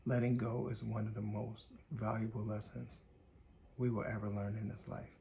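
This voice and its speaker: Gravelly low-voiced man telling a story. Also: a little hiss or hum. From Gary, Indiana, USA. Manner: calm, deliberate, in short measured phrases. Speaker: podcast host. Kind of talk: reflective personal storytelling monologue.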